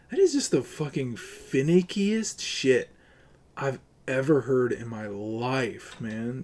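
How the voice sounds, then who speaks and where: A man's voice: mid-range voice, animated, moderate pace, darkish tone. A man livestreaming, ranting to his chat in a profane, argumentative and sarcastic way. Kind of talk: casual live-stream rant to chat.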